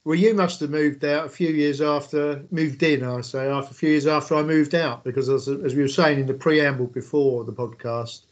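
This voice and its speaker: A man's voice: fairly high pitch, fairly even intonation, brisk, few pauses. A man hosting a podcast, introducing a guest in a rambling way, full of fillers. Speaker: podcast host. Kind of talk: casual podcast interview.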